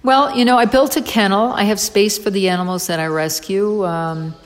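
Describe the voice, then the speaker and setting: A woman guest in an interview, telling her story in a lively, excitable way with frequent fillers. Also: medium pitch, moderate pace, big-room sound. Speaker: interview guest, dog rescuer.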